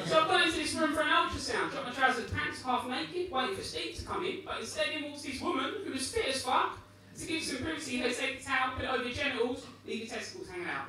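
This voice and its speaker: A man's voice: very high-pitched, quick pace, pushed and bright, a little hiss or hum. A British man performing a stand-up comedy set with a dry, conversational delivery. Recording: echoey comedy club from a distance. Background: audience laughter.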